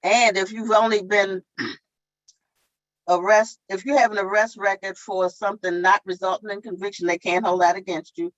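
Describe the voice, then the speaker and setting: A woman explains renter rights in a plain, step-by-step way, going back over each point. Her voice sits at a middle pitch. The sound is dull and lo-fi, like an online meeting. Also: steady tone, normal speed, a bit bright. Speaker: tenant advocate. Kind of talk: explaining tenant law at a town hall.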